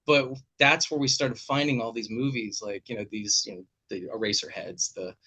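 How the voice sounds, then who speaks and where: Animated bright-voiced man on a video call. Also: lowish voice, moderate pace, breathy edge. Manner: animated storyteller, swears freely. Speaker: podcast host. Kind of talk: casual chat.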